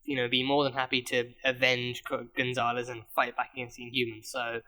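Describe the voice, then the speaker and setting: A man's voice: medium pitch, monotone, fairly quick, sharp tone. A man reviewing a TV episode in a casual, rambling way, often stumbling and repeating words as he thinks aloud. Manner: rambling, many restarts and stammered repeats. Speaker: TV reaction reviewer.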